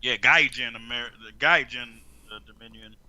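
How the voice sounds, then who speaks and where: A man's voice: mid-range voice, moderate pace, pushed and bright, no echo. A man co-hosting a wrestling podcast, goofy and joking in casual chat. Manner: goofy, joking, swings into bits. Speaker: podcast co-host.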